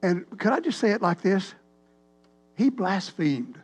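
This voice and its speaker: A man, a pastor telling a rambling, animated story in a sermon. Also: high-pitched, a little slow, breathy edge. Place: church sanctuary.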